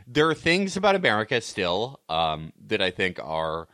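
A young man with a low voice that swings widely in pitch, talking in a casual, rambling way. His tone is bright and forward. The sound is close and dry. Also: wildly swooping pitch, normal speed, no echo. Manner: rambling, restarts, emphatic rises. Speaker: podcast guest. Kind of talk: casual conversation.

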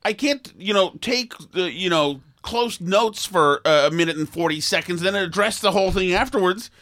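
A man's voice: high voice, moderate pace, fairly bright tone. A man hosting a podcast, bantering casually and mocking himself in a joking way. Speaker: podcast host.

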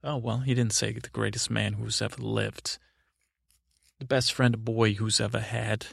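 A man doing sweet, slow, dull Ray. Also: lowish voice, little pitch movement, creaky, a bit bright, husky, no echo, studio quality, heavily acted. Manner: meandering, rambling and dull. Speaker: recurring comedy character. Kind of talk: improvised comedy podcast bit.

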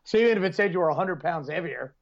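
A man's voice: on the high side, lively intonation, racing, vocal fry, lo-fi sound. A man co-hosting a podcast, telling rambling stories in casual chat and laughing often. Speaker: podcast co-host.

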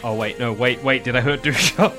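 A man's voice: mid-range voice, fairly quick, over music. A man playing a tabletop game, joking and rambling as he talks with his friends. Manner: jokey, rambling. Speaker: player. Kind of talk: casual banter at a game table.

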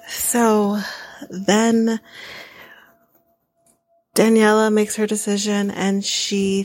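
A woman's voice: mid-range voice, no echo. A woman hosting a chatty solo podcast, blunt and sarcastic, cursing freely as she recaps. Her talk is loose and full of laughing asides to her listeners. The sound is dry and close. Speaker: podcast host recapping a reality show. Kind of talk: casual solo recap chat.

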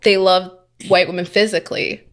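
A woman's voice: on the low side, flat delivery, normal speed. Blunt, teasing woman in podcast chat. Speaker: podcast co-host. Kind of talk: casual chat.

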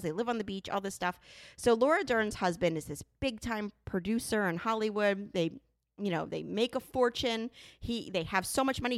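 A woman's voice: medium pitch, no room sound. Woman, podcast co-host, casual chat, blunt and profane, dry close sound. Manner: candid, profane, animated storytelling.

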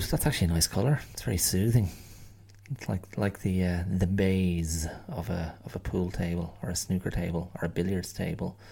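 A man's voice: deep voice, gravelly, dark tone, slightly rough. A middle-aged Irish man hosting a solo podcast, musing in a rambling, wry way and often restarting his phrases. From Ireland. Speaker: podcast host.

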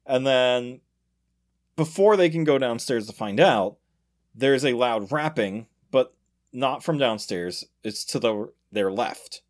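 A man's voice: medium pitch, slow pace. Laughing man telling a story. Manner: laughs often, animated retelling with acted quotes. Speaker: podcast host. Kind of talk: casual storytelling chat.

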